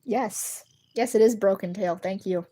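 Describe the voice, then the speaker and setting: A woman's voice: mid-range voice, a little slow. A woman streaming live, chatting casually and giggling often as she talks to her viewers. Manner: giggly, laughs between sentences; animated, addresses viewers. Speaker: livestreamer. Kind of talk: casual chat.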